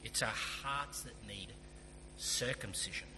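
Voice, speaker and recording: A man's voice: lowish voice, takes it slowly. A man preaching a sermon as pastor, earnest and emphatic, with casual asides. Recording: long hall reverb, faint hum.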